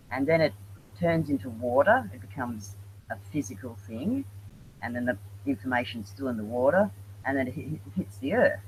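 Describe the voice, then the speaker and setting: A man on an online panel, musing aloud and trailing off softly at the ends of thoughts over a video call. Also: mid-range voice, slight background noise, low-quality recording. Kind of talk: casual online panel talk.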